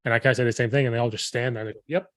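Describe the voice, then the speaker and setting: A man hosting a podcast as a football coach, telling stories with lively acted-out quotes. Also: medium pitch, racing, no echo. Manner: animated storytelling, acting out quoted players and himself. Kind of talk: casual chat.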